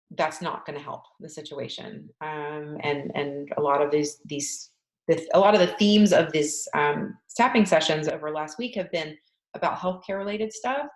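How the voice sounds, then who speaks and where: A woman with a low voice leads a guided tapping session as a coach. She speaks candidly and repeats tapping phrases as she works through her frustration. The room around her is echoey. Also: unhurried.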